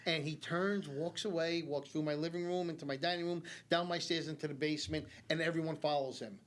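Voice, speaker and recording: A middle-aged man with a voice pitched a little high talks in a community TV studio. He tells his stories in a loose, animated way, peppered with "like" and "okay?". It sounds like a guest in a casual sit-down interview. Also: a little fast. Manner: animated storyteller, many fillers like 'like' and 'okay?'. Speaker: guest psychic medium.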